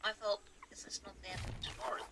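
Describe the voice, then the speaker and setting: A man's voice: sits high, steady tone, fast, gravelly, very noisy. A man streaming a video game, reading dialogue aloud and making chatty, playful asides.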